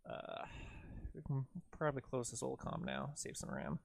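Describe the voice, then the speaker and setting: A man's voice: mid-range voice, big pitch swings, normal speed, gravelly, no echo. A man casually talking through his video editing on a livestream, rambling and jokey as he narrates each step. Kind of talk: casual live tutorial talk.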